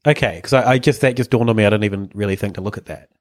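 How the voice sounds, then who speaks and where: A man's voice: fairly low pitch, no echo. A jokey man in dry podcast chat. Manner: chatty, quick reactions and jokey asides. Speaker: podcast co-host. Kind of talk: casual conversational podcast.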